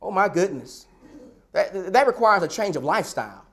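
A man's voice: high-pitched, lively intonation, moderate pace, a bit bright. A man preaching a sermon, emphatic and repetitive, building his points with rhetorical questions.

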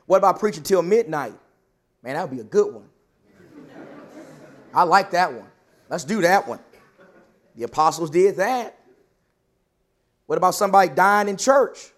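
A man preaching a Bible class lesson, reading scripture and asking questions, slowing down to stress key words. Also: on the high side.

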